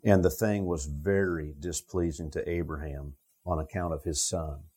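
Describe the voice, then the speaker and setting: A man's voice: sits low, fairly even intonation, normal speed, a little mellow, breathy edge. A man preaching a Bible sermon, talking it through with the listeners in a conversational way. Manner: conversational, thinking aloud with the listeners. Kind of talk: expository sermon.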